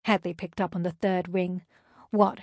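Woman, first-person audiobook reader, steady intimate telling, dead dry sound. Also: mid-range voice, normal speed, no room sound. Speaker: audiobook narrator.

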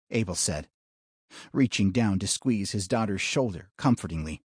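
A man narrating a western audiobook in an unhurried, expressive way. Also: lowish voice, husky, dry recording, studio quality.

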